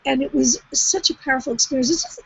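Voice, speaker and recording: A woman's voice: sits high, lively intonation, quick pace, creaky, no echo. A woman, talking casually in a group call, rambling and restarting often. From Canada. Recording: dull lo-fi sound.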